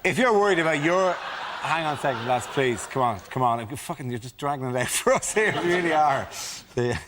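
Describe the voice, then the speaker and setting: A man's voice: mid-range voice, brisk. A man hosting a comedy panel show, recording trailer takes, laughing at his own flubs and swearing freely. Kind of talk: joking trailer takes between rounds. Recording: loud studio audience and noise.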